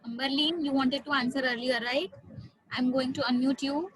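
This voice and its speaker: A woman's voice: sits high, steady tone, moderate pace, breathy edge, low-quality recording. A woman teaching an online class, patiently repeating drills and coaxing her students.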